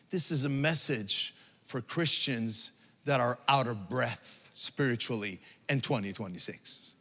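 A man preaching a sermon, emphatic and sing-song, swinging between loud declarations and hushed readings. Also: medium pitch, unhurried, vocal fry. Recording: long hall reverb.

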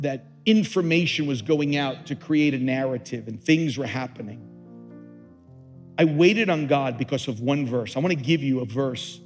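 A man preaching a sermon as pastor, moving between hushed, slow passages and loud, rising emphasis. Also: mid-range voice.

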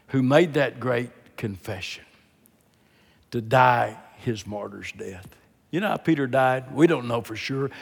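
A man preaching a sermon on a church stage, dropping to hushed asides and then building to shouted, emphatic climaxes. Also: mid-range voice, creaky, slightly rough, big-room sound. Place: large church auditorium with stage.

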